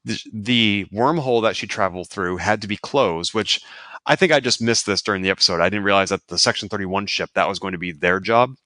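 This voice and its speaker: Male co-host, lower voice, measured and analytical, dry close sound. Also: pushed and bright, no room sound. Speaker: podcast co-host. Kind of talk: casual chat, analyzing a TV episode.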